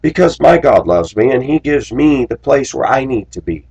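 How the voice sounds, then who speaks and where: A man's voice: medium pitch, expressive, normal speed, a little mellow, breathy edge. A man who drives a school bus, telling stories and preaching in a rambling, aggrieved personal monologue. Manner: preachy, aggrieved, storytelling with asides.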